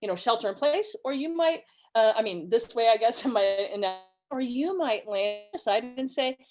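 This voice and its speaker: A woman's voice: fairly high pitch, expressive, moderate pace, darkish tone. California woman teaching a webinar over a video call, talks in stories, does little voices for people she quotes. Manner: storytelling, conversational, acts out quoted voices. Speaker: webinar presenter.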